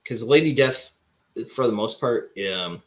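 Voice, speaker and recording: A man talking casually while showing off his recent comic pick-ups. He rambles, trails off and restarts often, with plenty of "um" and "like." His voice sits at an ordinary middle pitch. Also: lively intonation, a little slow. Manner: rambling, many fillers and restarts. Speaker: comic collector host.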